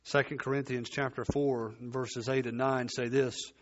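A man preaching a sermon, emphatic and repeating key phrases, his voice sinking low at the ends of points. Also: fairly even intonation, normal speed, few pauses, lo-fi sound.

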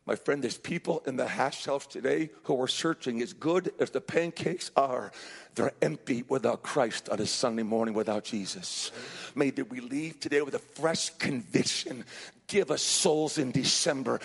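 A man preaching a sermon as pastor, fervent, swinging between hushed passages and shouted ones. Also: mid-range voice, normal speed, vocal fry, breathy edge. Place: restaurant hosting a Sunday service. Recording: long reverb in a large room.

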